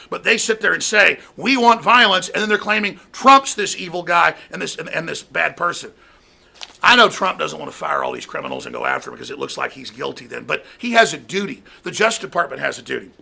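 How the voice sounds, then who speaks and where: A man's voice: high-pitched, vocal fry, sharp tone. A man hosting a talk show, delivering an angry political rant and mocking opponents. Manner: ranting, mocking, mimics opponents in a raised voice.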